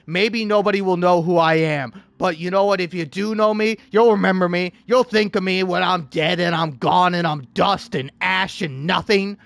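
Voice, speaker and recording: A man with a high voice delivers an exasperated comedic rant. He swings from loud outbursts to grumbling mutters. The sound is close and dry. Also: gravelly, dry recording. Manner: exasperated, theatrical, swinging between shouting and muttering. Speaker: online video creator.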